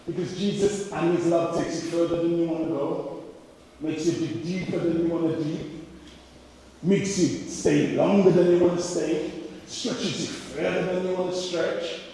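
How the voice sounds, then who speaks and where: A man's voice: on the high side, fairly even intonation, moderate pace, dark tone, slight background noise. A man with a Jamaican accent preaching an impassioned sermon as a pastor, building his points with repeated rhetorical questions. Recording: echoey hall, mic from far off.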